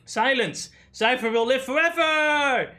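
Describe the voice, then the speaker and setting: Man reading out villain boss lines, fanatical, high bright voice. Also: a little slow, heavily acted. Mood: commanding. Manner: reading game dialogue aloud.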